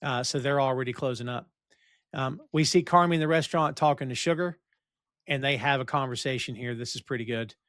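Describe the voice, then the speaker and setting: A man's voice: mid-range voice, brisk, no room sound. Man recapping a show, dry sound. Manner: relaxed recapping, plugs the channel. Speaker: podcast host. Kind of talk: casual chat and episode recap.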